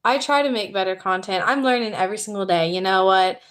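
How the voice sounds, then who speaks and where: A young YouTuber from the Southern United States, with a Southern American accent, hosts a casual livestream chat. Chatty and upbeat, she reads viewer comments aloud as they come in and thanks new subscribers, her loose, conversational delivery fast and friendly. Her voice is medium-pitched with a fairly bright tone.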